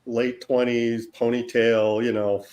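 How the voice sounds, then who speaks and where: A man's voice: mid-range voice, level tone, darkish tone. A man hosting an art livestream, telling a long rambling anecdote in casual chat. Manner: slow, rambling anecdote teller.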